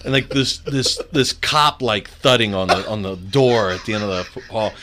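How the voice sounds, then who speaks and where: A man telling a casual story, animated and often breaking into laughter. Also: lowish voice, normal speed, background noise.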